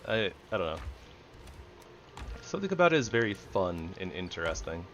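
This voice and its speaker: A man's voice: sits low, sing-song, normal speed, a bit bright, a little hiss or hum. A young man chatting casually and rambling while he plays a game, chuckling often. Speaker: gaming streamer. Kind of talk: casual gameplay chat.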